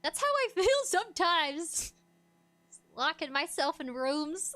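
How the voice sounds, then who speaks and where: A woman streamer chatting casually, laughing often and acting out bits of dialogue in loud bursts. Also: very high-pitched, sing-song, slow. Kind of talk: casual chat.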